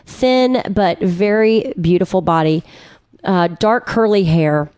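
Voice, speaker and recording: A woman's voice: mid-range voice, slow, darkish tone, smooth, dry recording. A woman talking casually on a podcast. She tells stories at length and laughs often. Her voice is dry and close to the mic, set in the middle of the range. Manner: chatty storyteller, laughs often. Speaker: podcast co-host. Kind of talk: casual chat.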